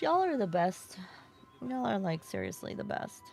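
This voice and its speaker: A woman streamer in casual live-stream chat, relaxed, affectionate and chatty. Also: mid-range voice, moderate pace, vocal fry, soft background music.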